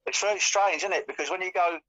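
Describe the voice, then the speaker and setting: A man's voice: high voice, quick pace, fairly bright tone. A man chatting casually as co-host, rambling with lots of fillers and restarts. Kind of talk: casual chat. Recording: dull lo-fi audio.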